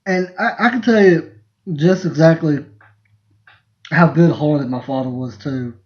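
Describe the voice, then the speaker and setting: A man's voice: a little high, a little slow. A man, hosting a podcast and telling rambling, laughing family stories in a casual live stream. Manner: rambling, laughing, restarts mid-sentence. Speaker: podcast host. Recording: lo-fi dull sound.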